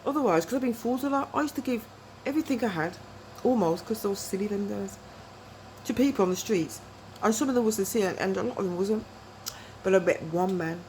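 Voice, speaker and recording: A woman's voice: mid-range voice, brisk, darkish tone, a little hiss or hum, rough recording. A middle-aged woman, telling rambling personal stories to camera, digressive and chatty, often asking "you know what I mean?". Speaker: vlogger.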